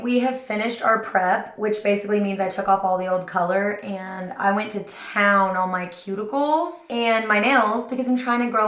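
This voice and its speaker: A woman's voice: medium pitch, fairly bright tone. A chatty young woman talks straight to her viewers in a casual reading vlog, dramatic and self-mocking as she gushes. Her voice sits mid-range for a woman. The room around her is echoey and reflective. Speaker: book vlogger.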